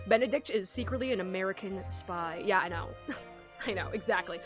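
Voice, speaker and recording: A woman streaming a video game, chatting casually with excitable, slangy reactions. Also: medium pitch, a little fast, soft background music.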